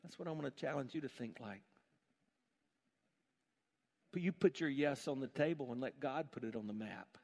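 A man's voice: medium pitch, moderate pace, vocal fry, long pauses, a little mellow. A man preaching a sermon to a church gathering, emphatic and building to fervent pleas. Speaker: pastor.

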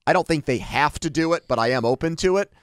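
A man's voice: fairly high pitch, lively intonation, fast talker, no echo, clean studio sound. A man co-hosting a sports talk show, giving strong opinions in casual debate with frequent restarts.

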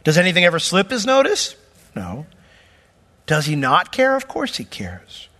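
A man's voice: high-pitched, wildly swooping pitch, normal speed, bright, forceful tone. Man, pastor, expository sermon, emphatic, conversational asides, long hall reverb. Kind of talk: sermon teaching.

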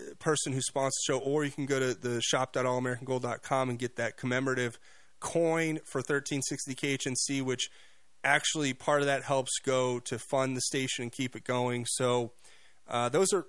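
A man's voice: mid-range voice, fairly even intonation, fairly bright tone, dry recording. A male radio talk show host giving a mocking, opinionated monologue with many restarts and repeated words. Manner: fast, mocking, repeats himself.

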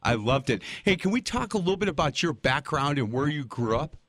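An older man hosting a casual interview, telling stories in a folksy, animated way. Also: a little high, fairly quick, no echo. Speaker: interview host.

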